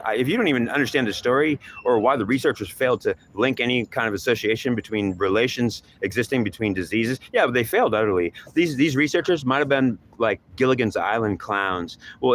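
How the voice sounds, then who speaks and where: A man's voice: mid-range voice, fairly bright tone. A man talking in a rambling monologue, repeating himself and acting out imagined back-and-forth dialogue.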